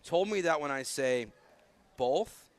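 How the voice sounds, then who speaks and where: A man's voice: medium pitch, animated, fast talker, fairly bright tone. Rambling male sports radio co-host. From Chicago. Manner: rambling, many fillers, playful. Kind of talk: casual sports radio banter.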